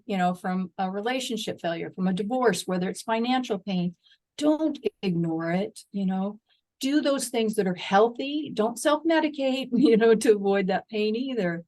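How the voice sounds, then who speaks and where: An older woman speaking as a guest in an interview, earnest and encouraging in a folksy way, sometimes acting out her own inner dialogue. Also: on the high side. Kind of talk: interview conversation.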